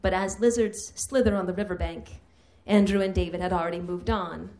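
A woman's voice: lowish voice, fairly even intonation, a little fast, warm tone. A woman hosting a live comedy night, reading her own humorous essay with a wry delivery that builds to mock outrage.

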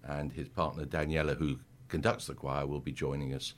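A man's voice: rumbling low, level tone, brisk. A man leading a church choir, talking as a guest on local radio in a friendly, hesitant way with lots of ums. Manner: friendly, hesitant with many fillers. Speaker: choir leader. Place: radio studio.

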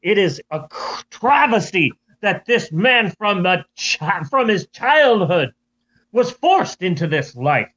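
A man's voice: sits high, big pitch swings, slow, fairly bright tone, heavily acted. A man doing a pompous, speechifying British author with a put-on British accent, on a dull lo-fi recording. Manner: grandiose, speechifying.

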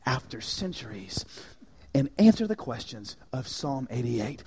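A male pastor preaching a sermon, swinging from hushed, near-whispered lines to loud, ringing declarations. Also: mid-range voice, sing-song, unhurried, husky. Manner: dynamic preaching, dropping to near-whispers and rising to shouts.

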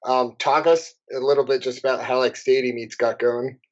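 A man's voice: medium pitch, moderate pace. A man in his twenties hosting a podcast, chatting casually with fillers and restarts. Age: 20s. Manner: relaxed, hesitant, filler-heavy. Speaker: podcast host. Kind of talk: casual chat. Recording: dull lo-fi podcast audio.

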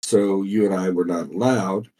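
A man's voice: low voice, normal speed, dark tone. A man, co-hosting a casual comedy chat and relaxedly reading out odd news items. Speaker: podcast co-host.

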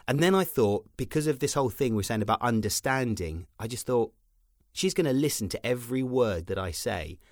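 Brief: British actor-dad co-host, mid pitch, lively delivery, dry close sound, teasing. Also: male voice, brisk, no room sound. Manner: wry, teasing, mock-pompous asides. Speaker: podcast co-host. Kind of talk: casual chat.

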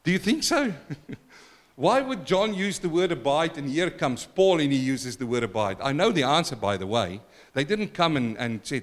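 A middle-aged male pastor giving an emphatic sermon, swinging between loud exclaims and quiet asides and calling for congregation responses. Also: very animated, normal speed. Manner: emphatic preaching with wide swings in loudness and pitch.

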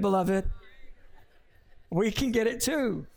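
A man's voice: extremely high pitch, expressive, normal speed, creaky. A man preaching a sermon as pastor, conversational, with anecdotes and asides, in a church sanctuary. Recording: long reverb from a large hall.

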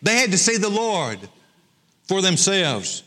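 A man's voice: high-pitched, big pitch swings, slow pace, sharp tone. A male pastor preaching a sermon, emphatic and repeating his key phrases. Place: church sanctuary. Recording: long church hall reverb.

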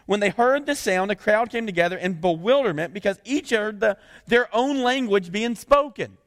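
A high-voiced man preaching a sermon in an animated, conversational way. He reads scripture aloud and keeps breaking off to explain it in plain talk. His voice carries a long reverb from a large hall. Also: moderate pace. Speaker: pastor.

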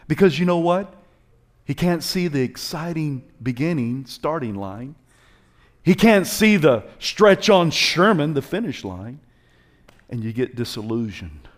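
A male preacher giving a passionate sermon, calling out to his congregation and swinging between loud exhortation and quiet, hushed moments. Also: fairly high pitch, big pitch swings, unhurried. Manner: passionate, call-and-response, swings from shouts to hushed.

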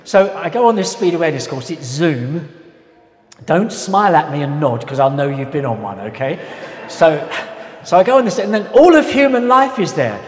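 Pastor preaching in an echoey hall. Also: male voice, fairly high pitch, expressive, moderate pace. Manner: conversational, humorous, acts out voices. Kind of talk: sermon. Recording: echoey hall with long reverb.

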